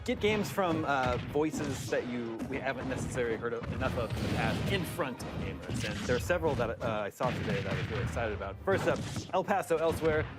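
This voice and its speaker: A man's voice: mid-range voice, animated, fast. A man who is a veteran of the games industry, talking enthusiastically as a panel guest. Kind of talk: casual panel chat. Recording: loud music bed under the voice.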